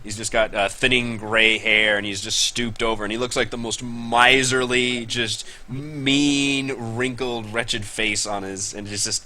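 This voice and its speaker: Slow, bright-voiced male game master. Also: mid-range voice, fairly even intonation. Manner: slow, chuckling narration. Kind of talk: narrating a tabletop game.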